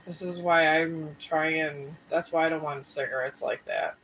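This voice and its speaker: A deep, steady, slightly bright voice belongs to a woman who live streams and reads tarot, talking a little slowly. She's rambling, folksy and a bit tired with a sore throat, addressing viewers straight on, in a rough recording with slight background noise.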